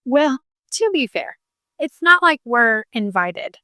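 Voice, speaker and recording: A woman's voice: a little high, very animated, slow pace, sharp tone, dry recording. A middle-aged woman co-hosting a podcast, chatting casually with dry, teasing remarks. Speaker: podcast co-host. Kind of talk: casual chat.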